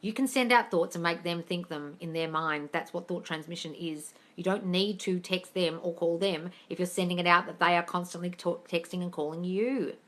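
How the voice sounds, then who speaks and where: Bright-voiced woman, live-stream host, blunt and sweary, scolds her viewers. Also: fairly low pitch, fairly even intonation, moderate pace, few pauses. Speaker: host answering live chat questions.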